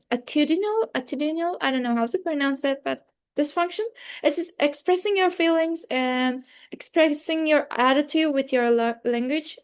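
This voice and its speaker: Young Turkish-accented woman, high voice, student presenter, hesitant and self-correcting. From Turkey. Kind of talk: class presentation.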